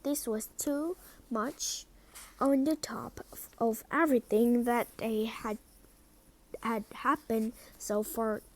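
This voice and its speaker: A woman's voice: a little high, fairly even intonation, a little mellow. A woman reading a storybook aloud, carefully and at times in a whisper. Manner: slow, careful, sometimes whispered. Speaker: reader.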